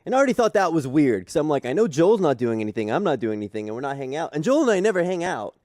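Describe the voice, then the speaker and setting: A man co-hosting a podcast, chatting in a relaxed, conversational way. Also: fairly high pitch, racing, no room sound, clean studio sound. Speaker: podcast co-host. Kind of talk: casual chat. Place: podcast studio.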